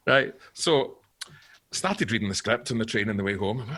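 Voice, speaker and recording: A middle-aged Scottish man, an actor guest on a podcast, telling animated anecdotes with swearing and acted-out quotes. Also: mid-range voice, fast, breathy edge. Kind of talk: podcast storytelling.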